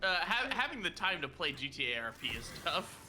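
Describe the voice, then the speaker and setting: A man chatting casually with friends, telling animated stories and swearing as he laughs along. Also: on the high side, brisk, background noise. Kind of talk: casual chat.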